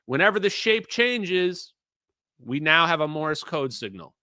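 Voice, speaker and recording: A man's voice: on the high side, big pitch swings, a little slow, pushed and bright, clear, resonant tone, dry recording, clean studio sound. A middle-aged man commenting on clips during a live stream, emphatic and opinionated, talking straight to his chat.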